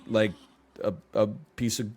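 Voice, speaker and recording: A man's voice: lowish voice, a little slow. A young man streaming, reacting to online posts in casual, mocking commentary and slipping into sarcastic quoted voices. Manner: animated, mocking, swings into sarcastic put-on quotes.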